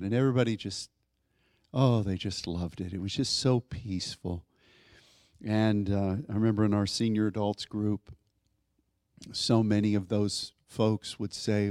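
Slow-preaching man pastor, dry close sound. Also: on the low side, darkish tone, no room sound. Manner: slow, conversational preaching with many fillers, building to emphatic declarations. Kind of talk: sermon.

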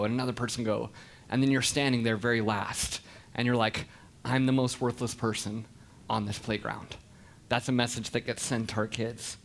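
A man in his thirties giving an animated, expressive storytelling talk to an audience. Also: medium pitch. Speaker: speaker.

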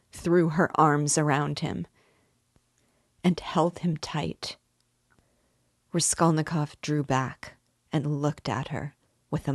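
A woman reading a classic novel aloud in a measured, steady narration. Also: sits low, no echo, clean studio sound. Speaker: book reader and guide.

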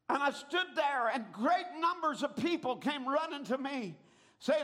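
Very high-voiced preacher man. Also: very animated, normal speed. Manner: dramatic storytelling with sudden shouted peaks. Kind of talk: sermon.

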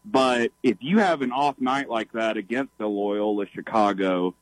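A man calling in to a sports radio show, laying out his opinion in an earnest, measured way. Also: lowish voice, no room sound, poor audio. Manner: earnest, measured analysis with frequent "I think".

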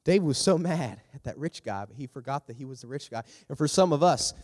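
A man giving a youth sermon in a lively, storytelling manner, acting out the characters as he talks. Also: fast. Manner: animated, acts out characters with big pitch jumps. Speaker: youth pastor. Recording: long hall reverb.

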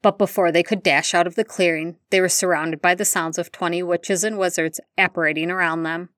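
Woman reading a story, low and dry. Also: steady tone, fairly quick, a bit bright, no echo. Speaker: audiobook reader. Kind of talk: reading fan fiction aloud.

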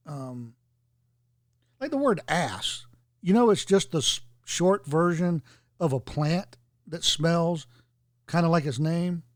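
A man's voice: fairly high pitch, expressive, slow pace, long pauses, no room sound. Joking, rambling man on a dry mic. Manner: rambling, jokey, digressive storytelling. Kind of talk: casual podcast chat.

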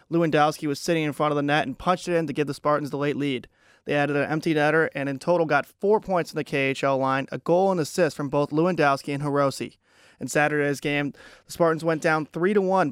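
A young man hosts a sports podcast in a smooth, clear voice, pitched slightly high for a man. The sound is dry and close, with no room around it. He talks conversationally, often circling back with fillers and restarts. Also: no echo. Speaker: podcast host. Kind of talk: casual sports podcast chat.

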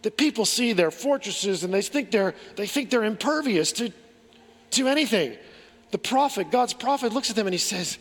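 A man's voice: sits high, animated, normal speed, fairly bright tone. A man preaching a sermon as pastor, earnest, asking rhetorical questions and restarting his phrases. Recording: long hall reverb.

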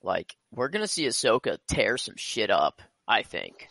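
A man in casual podcast banter, relaxed and sometimes swearing. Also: on the low side, normal speed, creaky, no room sound. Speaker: podcast co-host. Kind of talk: casual chat.

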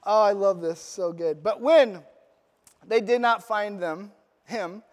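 Male pastor, high voice, playful storytelling sermon, joking asides, long hall reverb. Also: slow. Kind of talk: Father's Day sermon.

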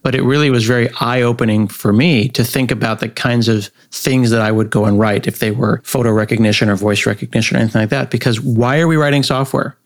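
A middle-aged American man talking through ideas in an interview, rambling and animated, slipping into acted-out quotes. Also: medium pitch, fast, few pauses. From United States. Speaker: guest software developer. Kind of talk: conversational interview.

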